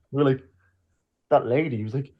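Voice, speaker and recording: A man's voice: medium pitch, normal speed, slightly rough, lo-fi sound. A man, a podcast co-host telling a story in casual chat and acting out the lines of the people in it. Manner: lively storyteller, acts out quotes.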